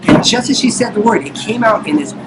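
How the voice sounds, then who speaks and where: A man's voice: sits high, quick pace, very noisy. A man chatting casually as a guest on a live stream, telling stories animatedly and acting out what people said. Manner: animated storyteller, acts out quoted lines. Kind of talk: casual chat.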